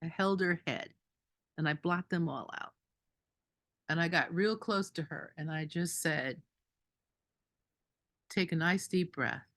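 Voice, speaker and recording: A woman doula telling a story at a group meeting, animated and indignant, laughing between lines. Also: lowish voice, slow, long pauses.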